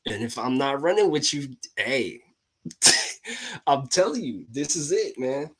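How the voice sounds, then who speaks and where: Hyped-up guy talking to his viewers, slangy, laughs a lot, middle-of-the-road pitch. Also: slow, breathy edge. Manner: excitable, slangy, laughs often, keeps calling out to viewers. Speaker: host. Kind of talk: casual talk to viewers.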